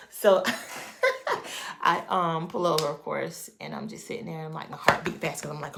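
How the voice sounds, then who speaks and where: A woman with a low, gravelly voice and a lot of creak tells a personal story straight to her viewers. She is animated and emphatic, leaning hard into every beat of the tale. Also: measured pace, long pauses, slight background noise. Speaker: vlogger. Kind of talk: casual storytime.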